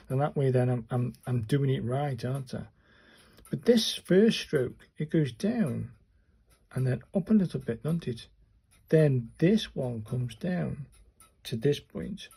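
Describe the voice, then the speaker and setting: A man's voice: a little high, warm tone, breathy edge, low-quality recording. A man casually talking himself through his writing strokes, muttering step by step as he practices. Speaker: calligraphy learner and channel host. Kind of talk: casual narration while practicing.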